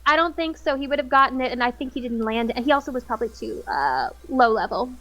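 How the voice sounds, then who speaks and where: A woman streaming an online game, chatting casually with friends, excitable and quick to laugh and whoop. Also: high-pitched. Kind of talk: casual gaming chat with friends. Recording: game music behind the voice.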